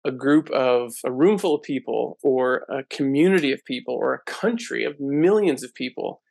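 A male host in a relaxed interview, with a gravelly, mid-pitched voice. He asks long, thoughtful questions that wind as he thinks aloud. The sound is dry and close. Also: normal speed, no room sound. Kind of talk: casual interview chat.

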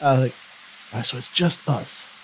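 A man's voice: medium pitch, unhurried, slight background noise, poor audio. A man playing in a tabletop game, joking in a playful, mock-serious way. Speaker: player.

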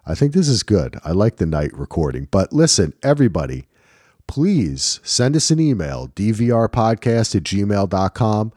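A man's voice: lowish voice, very animated, normal speed, warm tone, dry recording, clean studio sound. A man from New Jersey co-hosting a casual TV recap podcast, rambling loosely with frequent ums. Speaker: podcast co-host.

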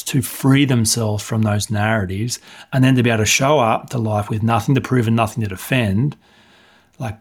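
A coach and author speaks in a lowish, breathy voice during a podcast interview. He's blunt and animated, retelling events and performing the dialogue himself.

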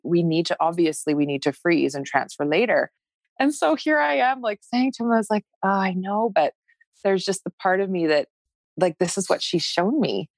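A woman's voice: lowish voice, gravelly, no room sound. A woman in her forties telling a personal story in a conversation, acting out her own past thoughts and the words of others. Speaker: guest sharing her fertility story.

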